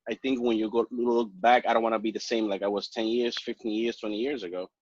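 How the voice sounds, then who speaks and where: Low-voiced earnest man. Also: flat delivery, darkish tone, breathy edge, no room sound, highs cut off. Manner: earnest, halting phrasing with frequent "uh". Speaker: podcast guest. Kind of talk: casual podcast conversation.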